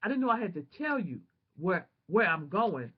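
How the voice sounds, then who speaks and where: A woman vlogger telling a personal testimony in an animated, emotional, prayerful way, on a dull lo-fi home recording. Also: fairly low pitch, moderate pace, husky.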